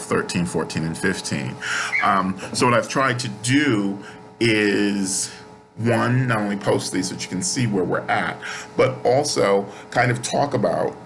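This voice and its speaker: A man giving a casual spiritual lesson, rambling through a personal story and growing animated as he retells it. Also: on the low side, slight background noise, low-quality recording. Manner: rambling, animated when reenacting. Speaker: spiritual teacher.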